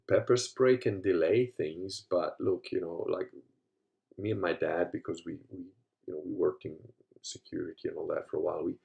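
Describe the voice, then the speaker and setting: Brief: man, 50s, from Africa, low-pitched, casual profane storyteller who shifts from mutters to loud bursts. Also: gravelly. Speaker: host. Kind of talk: casual monologue.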